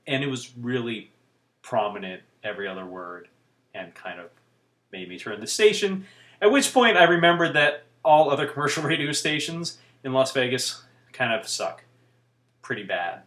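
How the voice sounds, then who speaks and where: A man's voice: medium pitch, big pitch swings, normal speed, fairly bright tone, echoey room. A man vlogging to camera in casual, rambling chat, with wry asides as he talks.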